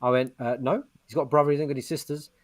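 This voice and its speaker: A man's voice: mid-range voice, rapid-fire. A man co-hosting a podcast, telling rambling stories in casual chat and acting out the lines he quotes. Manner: rambling storyteller, animated retelling of quotes. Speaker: podcast co-host.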